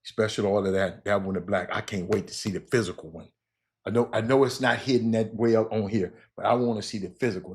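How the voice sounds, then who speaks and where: Laid-back man hyping gear, lower voice. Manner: loose, laughing, repeats words while hyping merchandise. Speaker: show host. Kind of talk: casual chat with viewers.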